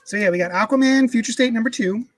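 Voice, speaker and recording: Speaking fast in a very high-pitched voice, a comics unboxing streamer rambles at his home desk and reads out viewer comments into a desk microphone during a casual live stream. The recording is rough, with no room sound.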